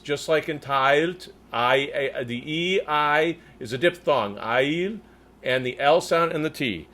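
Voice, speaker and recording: A man coaching tenors as a choir conductor, demonstrating German words slowly with crisp rolled R's between explanations. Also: mid-range voice, expressive, a bit bright. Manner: slow, deliberate delivery. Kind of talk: diction coaching lesson.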